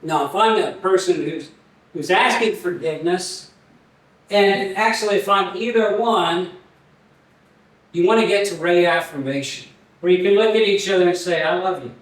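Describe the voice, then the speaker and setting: An older man preaching a sermon in an earnest, halting way, often restarting his words. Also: high voice. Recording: very echoey, voice from far off the mic.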